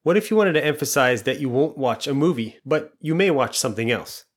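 A man's voice: mid-range voice, animated, fairly quick. Patient man teaching a language lesson. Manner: patient, clear step-by-step explanations with quiz questions.

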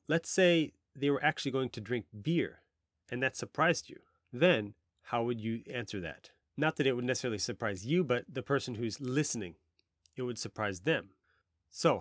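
A man hosting a podcast language lesson, explaining patiently and modelling pronunciation slowly. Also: mid-range voice, fairly bright tone, no room sound, clean studio sound. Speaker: language teacher and podcast host.

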